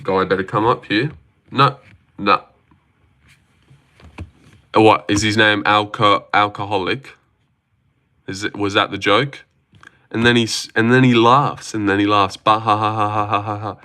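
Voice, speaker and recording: A man's voice: lowish voice, steady tone, measured pace, long pauses, sharp tone. A man hosting a casual livestream, rambling and swearing freely while reading out and answering chat messages. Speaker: livestream host reacting to fights.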